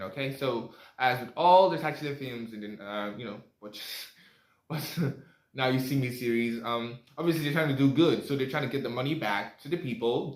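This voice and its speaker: A man's voice: medium pitch, a bit bright. A young man giving a casual, rambling movie review, full of fillers and asides. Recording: echoey room.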